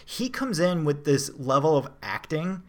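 A man's voice: fairly high pitch, big pitch swings, a little slow. A man co-hosting a podcast, chatting casually and animatedly about a film he reviewed, with many restarts and fillers. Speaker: podcast co-host.

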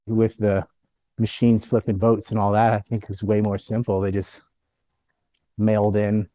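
A man's voice: fairly low pitch, dark tone, dry recording, dull audio. A man hosting a casual political chat, blunt and opinionated, ranting about the news.

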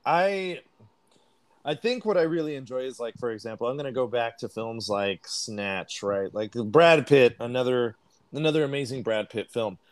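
Guy on a movie podcast, gets animated, drags words out for emphasis, dry close sound. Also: mid-range voice, no echo. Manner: animated, drawn-out emphasis, asks listeners. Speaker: podcast co-host. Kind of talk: casual movie review chat.

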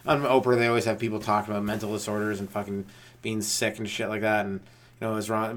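A man hosting a solo comedy podcast, riffing in a rambling, profane rant that chases tangent after tangent and slips into quick voices of other people. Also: lowish voice, level tone. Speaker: stand-up comedian and podcast host.

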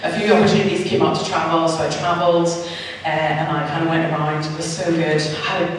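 A woman's voice: sits low, little pitch movement, a little fast, recorded from a distance, a little hiss or hum. Northern Irish woman preaching in an echoey hall. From Northern Ireland. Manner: chatty and self-mocking, acts out both sides of conversations. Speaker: church speaker. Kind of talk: personal testimony sermon. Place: church hall.

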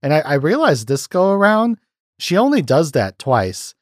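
Animated man gushing in dry podcast chat. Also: a little high, moderate pace, no room sound. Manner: animated, laughs often, recounts film scenes eagerly. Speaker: podcast host. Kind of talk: casual chat.

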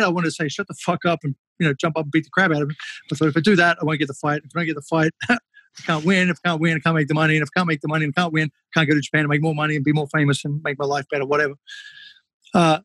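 A man, a former kickboxer, telling fight stories casually on a podcast, animated and swearing freely. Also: fairly high pitch, dry recording. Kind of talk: casual storytelling.

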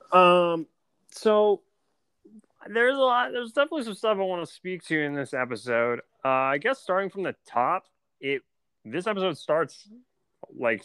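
A man's voice: mid-range voice, a bit bright, clear, resonant tone, dry recording. A man co-hosting a podcast, chatting casually with dry, mock-serious jokes. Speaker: podcast co-host.

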